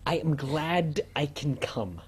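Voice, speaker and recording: A man voicing a newly arrived Italian immigrant who speaks slow, stiff, overly formal English. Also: on the high side, animated, husky, exaggerated voice.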